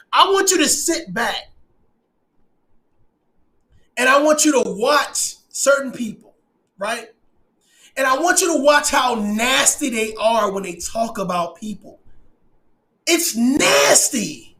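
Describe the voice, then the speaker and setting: Fired-up man ranting, high voice. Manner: emphatic, shouts points, mocking quotes, swears; laughs through his points. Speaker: commentator. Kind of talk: passionate opinion rant.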